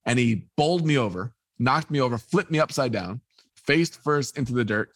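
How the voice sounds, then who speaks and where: A man's voice: medium pitch, normal speed, no echo. A man, a sports photographer, telling a personal anecdote in an interview and acting out the dialogue as he goes. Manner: animated, acts out quoted dialogue. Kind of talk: storytelling anecdote.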